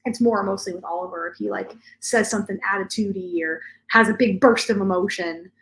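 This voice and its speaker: A woman's voice: medium pitch, brisk, a bit bright. A woman in her forties talking casually as a podcast host, telling stories in a chatty way with many "like" fillers. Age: 40s. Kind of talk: casual chat. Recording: roomy echo.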